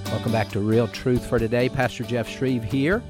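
A man, a pastor hosting a radio talk show, chatting with a guest in a halting way full of fillers. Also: mid-range voice, fairly even intonation, loud music behind the voice. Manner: warm, halting, many fillers. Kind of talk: casual interview chat.

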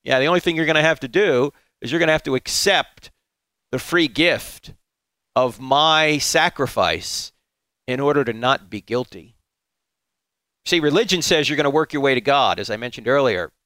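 Emphatic man preaching with lively pitch. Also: moderate pace, clean tone, dry recording. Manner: emphatic, with high mocking voices for quoted objectors. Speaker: apologetics speaker. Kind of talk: preaching talk.

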